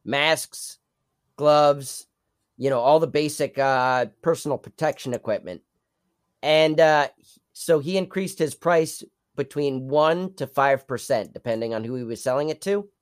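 A man from New York with a somewhat high voice, talking bluntly on a podcast. He swears freely and keeps a plain, casual tone. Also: a little slow, smooth. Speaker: podcast co-host. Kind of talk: casual chat.

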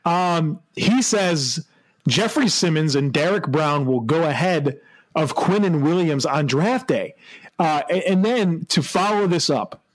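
A man's voice: on the high side, animated, measured pace. A man co-hosting a casual sports podcast, chatting about football with frequent laughter and hesitant restarts. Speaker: podcast co-host.

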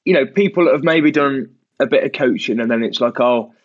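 A man's voice: mid-range voice, fairly quick, slightly rough, muffled recording. A man who is a guest on a football podcast, talking with frequent stammered restarts and mimicking coaches. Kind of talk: casual chat.

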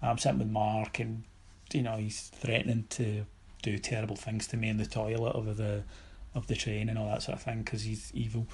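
A Scottish man telling stories on a podcast in a casual, animated way, mimicking other people and swearing now and then. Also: on the low side, moderate pace, husky. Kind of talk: casual anecdotal storytelling.

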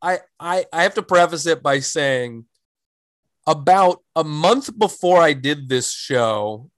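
A man tells stand-up stories in a loose, rambling way, full of fillers and false starts. His voice sits a little high for a man. The sound is dry and close, with no room echo. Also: animated, slow, fairly bright tone. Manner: rambling, many likes and restarts. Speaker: stand-up comedian guest. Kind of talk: casual storytelling chat.

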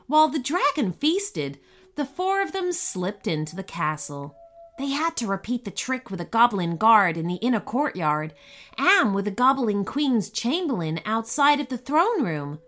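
A woman narrating a children's story with an expressive, unhurried reading. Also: a little high.

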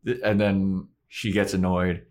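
A man with a somewhat low voice hosting a podcast. He recaps an episode in loose, casual chat, telling it as a lively story. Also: normal speed. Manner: animated storyteller. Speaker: podcast host.

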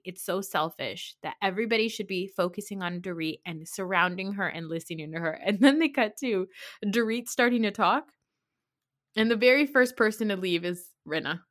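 A woman hosting a podcast, recapping reality TV in a sarcastic, opinionated and animated way. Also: mid-range voice. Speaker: podcast host.

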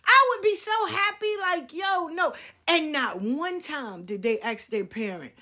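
A woman's voice: very high voice, big pitch swings, normal speed, bright, forceful tone. A woman in her fifties telling stories in a casual, blunt, profane way, acting out the people she quotes. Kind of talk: casual storytelling rant.

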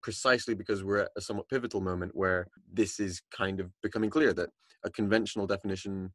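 A man's voice: low-pitched, steady tone, quick pace, a bit bright, dry recording. A man co-hosting a podcast, thinking aloud in a loose, chatty way, full of restarts. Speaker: podcast co-host. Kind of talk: casual discussion.

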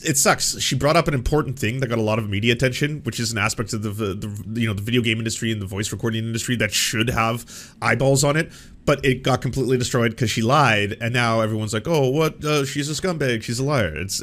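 A man's voice: medium pitch, fast talker, a bit bright. Profane, sarcastic male commentary streamer. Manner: profane, sarcastic, acts out quotes in put-on voices. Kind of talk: casual commentary.

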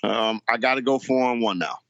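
A man co-hosting a sports podcast in casual chat, talking haltingly with many restarts. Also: medium pitch, creaky, a bit bright, no echo, lo-fi sound. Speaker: podcast co-host.

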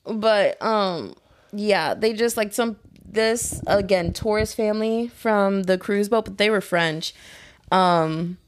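A woman's voice: mid-range voice, takes it slowly, slight background noise. A young woman in casual podcast chat, telling stories with lots of laughter and swearing. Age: young adult. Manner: animated storytelling, swearing, laughing.

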